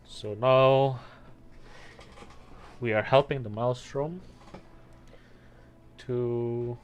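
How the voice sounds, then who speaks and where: A man's voice: mid-range voice, fairly even intonation, extremely slow, clear, resonant tone. A man streaming a game, chatting casually and reading the text aloud with frequent self-corrections. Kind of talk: let's play commentary.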